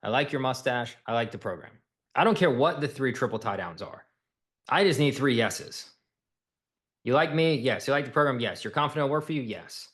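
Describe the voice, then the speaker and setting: A man coaching salespeople, talking bluntly and with emphasis. He hammers points home by repeating them, and his voice sits at an ordinary middle pitch. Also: lively intonation, fairly quick, a bit bright.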